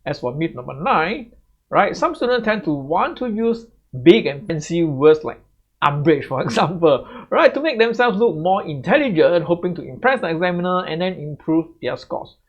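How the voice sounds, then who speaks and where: With a very animated, fairly high voice at normal speed, a male English tutor gives exam advice to camera. He keeps it conversational, ending sentences with "right?", on slightly muffled lo-fi audio.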